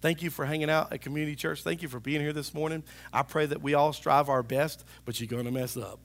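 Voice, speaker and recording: Pastor guy preaching in church, bright voice, kinda high, gets really animated. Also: fast talker. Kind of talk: sermon. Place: church sanctuary.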